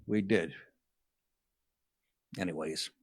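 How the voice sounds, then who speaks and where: A man's voice: sits low, slow pace, slightly rough, no echo, studio quality. A middle-aged man hosting a comedy talk show, reading news stories aloud and riffing on them in a crude, sardonic way.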